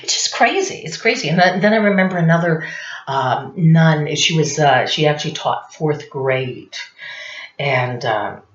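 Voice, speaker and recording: A woman's voice: sits low, expressive, unhurried. A woman in her fifties doing a rambling, confessional comic monologue, forever asking "you know what I'm saying". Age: 50s. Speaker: stand-up comedian. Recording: roomy, dull lo-fi recording.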